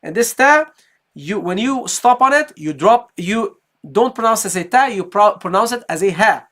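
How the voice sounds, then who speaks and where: A woman's voice: mid-range voice, lively intonation, moderate pace, a bit bright. A woman teaching Quran recitation in a live online lesson. She explains step by step, asks and answers her own questions, and often checks in with "okay, guys?".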